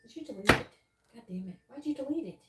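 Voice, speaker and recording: A woman's voice: fairly high pitch, lively intonation, fast talker, loud music behind the voice, poor audio. A woman doing a live-stream tarot reading, talking bluntly and swearing often as she explains how to word questions. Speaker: psychic tarot reader.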